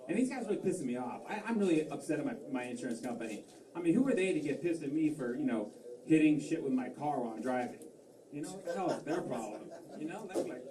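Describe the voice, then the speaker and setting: Rambling stand-up comic in a roomy club. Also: male voice, a little high, animated, brisk, noisy background. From Massachusetts. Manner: rambling, self-deprecating, lots of fillers and restarts. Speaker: stand-up comedian. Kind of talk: stand-up comedy set. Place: comedy club stage. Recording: roomy club sound from a distance, faint crowd ambience.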